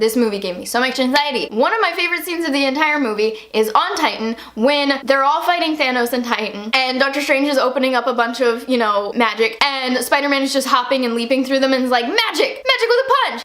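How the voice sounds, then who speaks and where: A young woman vlogger gushing through an excited movie reaction, swinging from squeals to hushed asides. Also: high-pitched.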